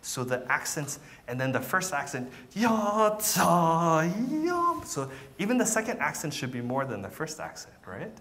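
A man's voice: mid-range voice, very animated, brisk, hardly any pauses, sharp tone. A man teaching a violin masterclass, encouraging and patient, often repeating words and counting beats aloud. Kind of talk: masterclass coaching.

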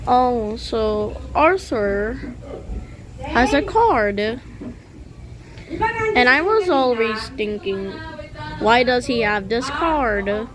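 A woman's voice: on the high side, lively intonation, very slow, long pauses, crowd noise, poor audio. A woman giving casual commentary over gameplay, rambling and joking with meme references. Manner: rambling, jokey, meme-quoting. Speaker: gaming channel host.

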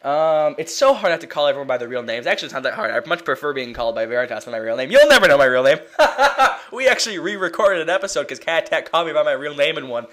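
Lively young man rambling over gameplay. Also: a little high, rapid-fire, few pauses. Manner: rambling, excitable, swears and laughs often. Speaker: let's play gamer. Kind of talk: casual gameplay commentary.

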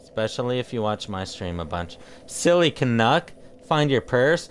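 With a medium-pitched voice full of big pitch swings, a man keeps up a moderate pace and hardly pauses while chatting with viewers during a game stream. He's rambling and jokey, tripping over his words often, and a little hiss or hum runs under the audio.

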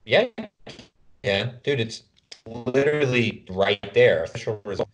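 A man's voice: mid-range voice, a little slow. A man co-hosting a casual podcast, bantering loosely and rattling off names and results. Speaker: podcast co-host.

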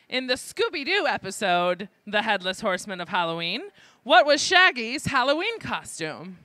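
Running a live trivia game show at a library student event, this New York-accented host keeps the audience laughing with playful jokes. His medium-pitched voice is very animated and bright, with a forceful tone, a moderate pace, and no echo.

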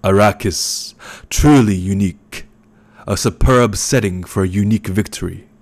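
A man reading an audiobook, voicing a fat, scheming older baron with a rumbling bass voice and a gloating, impatient manner. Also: moderate pace.

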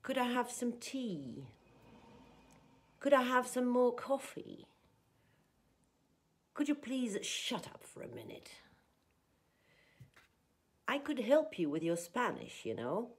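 A woman teaching an English lesson, reading example sentences and explaining grammar in a slow, deliberate way. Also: a little high, sing-song.

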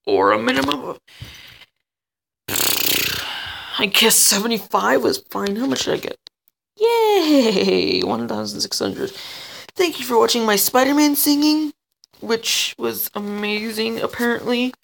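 A high-pitched male gamer with a heavily gravelly, fry-laden voice that swoops all over the place. He chatters excitedly at other players and yelps when things go wrong. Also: a little slow, pauses often, rough recording. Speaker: gamer and channel host. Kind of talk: let's play commentary.

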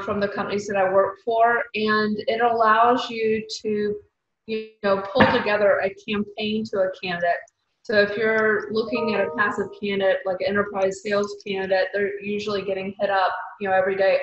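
A woman's voice: medium pitch, a bit bright. A woman with a Southern accent talks through her point in a chatty, filler-laden way on a video call. Her voice sits in the middle of her range. The audio is muffled and echoey, with a faint hiss underneath. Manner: chatty, explanatory, full of fillers. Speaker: recruiter on a panel. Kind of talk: casual panel discussion.

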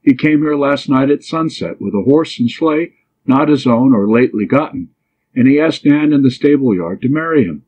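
A man reads an audiobook in a natural, darkish, medium-pitched voice at a moderate, animated pace. He voices a bold young woman in love who teases, pleads, and speaks pertly and mischievously. The recording sounds dull and lo-fi.

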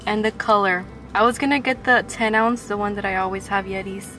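A woman's voice: medium pitch, steady tone, brisk. A young woman vlogging casually, chatty and enthusiastic as she talks to her viewers. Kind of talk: casual vlog chat. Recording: music playing behind.

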